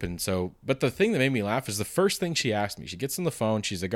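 Deep-voiced man with a sore throat. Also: big pitch swings, fast, few pauses, no echo, clean studio sound. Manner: rambling, self-deprecating, swears freely. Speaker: vlogger. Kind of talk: casual monologue.

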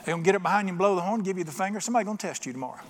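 A middle-aged pastor preaches a folksy, story-filled sermon in a church sanctuary, doing little voices in his jokes. His high voice is animated and rapid-fire, with a faint hiss or hum, and the recording carries a long church reverb.

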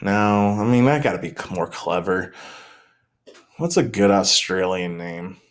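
A young man with a very low, deep voice hosts a casual solo podcast. He rambles freely, jumps between topics and cracks self-deprecating jokes. He often stalls and restarts his sentences, and he sounds a little tired. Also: lively intonation, measured pace. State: mentally tired. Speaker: podcast host.

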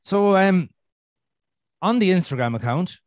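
A man's voice: high voice, expressive, unhurried, dry recording, studio quality. An Irish man hosting a podcast in casual chat, rambling with frequent restarts and swearing. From Ireland. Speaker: podcast host.

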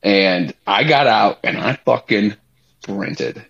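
A young man on a podcast, telling a story in a loose, animated way, swearing freely and using lots of fillers. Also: on the low side, slow pace, creaky. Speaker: podcast co-host. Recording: slightly muffled podcast audio.

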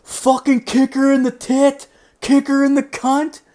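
A man voicing his drunk male buddy, yelling high and loud to egg on a bar fight. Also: monotone, measured pace. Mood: rowdy.

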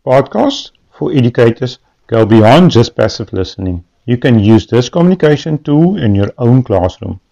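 Mellow-voiced South African young man. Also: medium pitch, moderate pace, creaky, few pauses, muffled recording. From Western Cape, South Africa. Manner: steady, instructive. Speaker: student presenter. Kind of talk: reading a prepared class podcast script.

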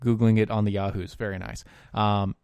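A man giving opinion commentary, halting often with fillers and dropping into sarcastic muttered asides. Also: on the low side, level tone, creaky, a little mellow, clean tone, no echo. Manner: sarcastic asides muttered under his breath; halting, with frequent fillers and restarts. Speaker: political commentator.

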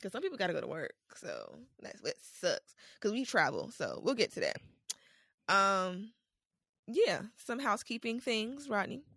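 A woman co-hosting a casual podcast, her voice hoarse and gravelly with a husky rasp. Her pitch swings in a lively, playful way as she chats straight to listeners, and the sound is close and dry. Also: moderate pace, no room sound. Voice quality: raspy, husky. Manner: playful, animated, addresses listeners as y'all. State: hoarse, throat feels off. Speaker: podcast co-host.

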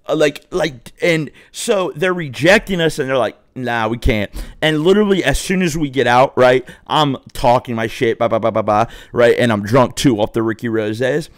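A man's voice: medium pitch, moderate pace, no room sound, studio quality. A young man from Southwest Ohio, a podcast host telling a story in a casual, profane, swaggering way.

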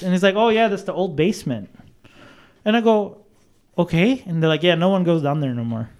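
A man telling a story in casual chat, animated and profane, acting out the people he quotes. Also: high-pitched, a little fast, clean tone.

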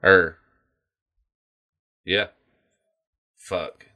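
Profane man retelling cartoon scenes. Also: deep voice. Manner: profane, animated retelling of cartoon scenes with quick put-on voices. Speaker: podcast co-host. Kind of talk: casual chat.

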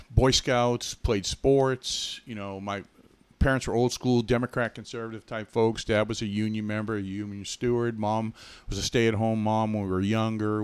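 A middle-aged man from Massachusetts, USA, with a smooth voice on the low side, recounts his childhood in a podcast interview. He's a co-host being interviewed, and he's chatty and rambling, correcting himself with lots of asides. The recording has no echo.

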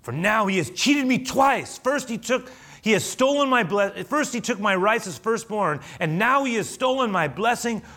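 A man's voice: sits high, animated, pushed and bright, pitched above the performer's own voice. Man putting on a desperate pleading son. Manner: pleading, anguished, drawn-out. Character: desperate grown son begging his father.

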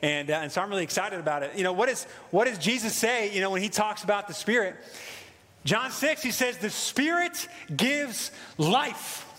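A man preaching a sermon with an American accent, in a casual, excited way with lots of fillers. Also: sits high, normal speed, long reverb tail. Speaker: pastor.

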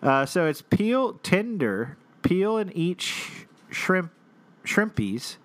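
A man co-hosting a casual chat, reading a restaurant menu out loud with plenty of laughter and some swearing. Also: sits high, big pitch swings, slow. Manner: laughing, playful, swears freely. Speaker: podcast co-host.

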